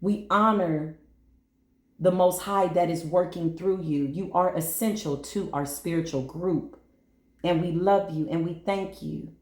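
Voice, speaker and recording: A woman giving an animated astrology and numerology reading, speaking straight to her listeners in a preachy way and acting out quoted voices. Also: fairly low pitch, unhurried, roomy sound. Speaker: spiritual reader.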